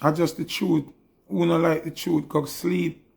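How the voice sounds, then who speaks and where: Gravelly Jamaican man preaching hard. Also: fairly high pitch, flat delivery, a little slow, a little mellow. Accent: Jamaican Patois. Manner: preachy, fervent, repetitive questions. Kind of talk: impassioned spoken monologue.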